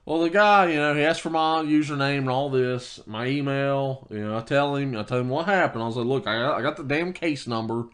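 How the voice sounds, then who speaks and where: A man's voice: mid-range voice, brisk, few pauses, a bit bright. A man co-hosting a podcast, telling a heated story in casual chat with many restarts. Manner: storytelling, quoting himself heatedly, lots of restarts. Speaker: podcast co-host.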